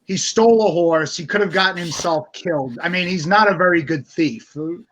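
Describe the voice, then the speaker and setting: A man's voice: high voice, moderate pace, a bit bright, slight background noise. A man playing a tabletop game, speaking in and out of character with stammers. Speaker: player.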